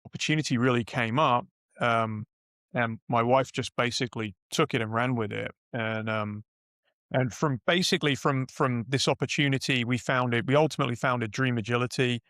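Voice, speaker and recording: A middle-aged British man from the United Kingdom, a podcast guest, tells business anecdotes in casual interview style, rambling and self-correcting with frequent restarts. His medium-pitched voice is fairly even in intonation, moderate in pace and a bit bright. The recording is dry, with clean studio sound.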